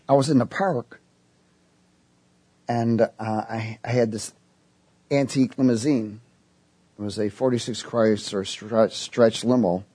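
A man's voice: medium pitch, a little mellow, breathy edge, no room sound. A man preaching a sermon and telling a personal story, acting out voices as he goes. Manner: storytelling, quoting voices in his tale.

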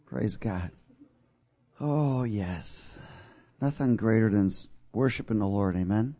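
A man's voice: on the low side, normal speed, mellow, a faint crowd. A male pastor preaching a sermon, calling out to his congregation and chuckling at his own jokes.

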